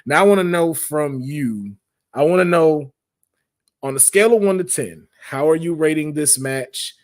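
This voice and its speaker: Energetic Southern-accented male podcast host. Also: fairly high pitch, moderate pace, no echo, studio quality. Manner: hype, showman-like openings, joking. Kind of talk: casual podcast chat.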